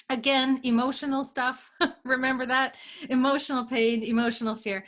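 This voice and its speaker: High-voiced woman teaching with lively storytelling. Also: moderate pace. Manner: animated storyteller, acts out inner dialogue, laughs often. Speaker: energy healer guest. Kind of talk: casual conversational teaching.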